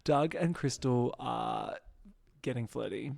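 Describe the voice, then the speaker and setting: A young man hosting a podcast, chatting casually and gossiping about a reality show, acting out quotes in quick bursts. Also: medium pitch, gravelly, darkish tone. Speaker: podcast host.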